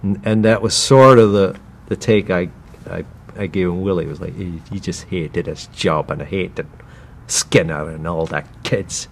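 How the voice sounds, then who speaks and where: A man's voice: sits low, a little slow, creaky, slight background noise. A man from the United States, a voice actor being interviewed, rambling with many restarts and slipping now and then into character voices. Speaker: guest voice actor. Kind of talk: casual interview.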